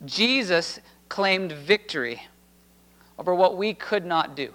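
A man preaching a sermon, reading scripture in a slow, deliberate cadence. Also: high voice, expressive, bright, forceful tone, rough recording. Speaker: pastor.

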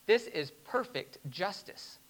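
A pastor preaching a sermon, reading scripture slowly and emphatically, with short laughs between points. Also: male voice, high-pitched, big pitch swings, a bit bright, low-quality recording.

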